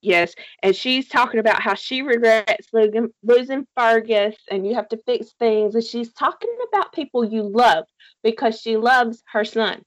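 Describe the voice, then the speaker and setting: A woman's voice: a little high, moderate pace, dry recording, dull audio. A woman casually recapping a TV series with a co-host, telling it animatedly, swearing freely and laughing often. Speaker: podcast co-host.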